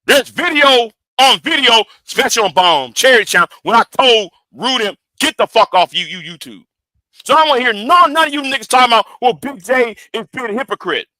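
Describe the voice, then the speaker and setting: A man with a very high-pitched voice hosts a livestream, speaking briskly with lively intonation and a sharp tone, and there's no echo. His commentary is heated, emphatic and profane, and he repeats words when he gets worked up.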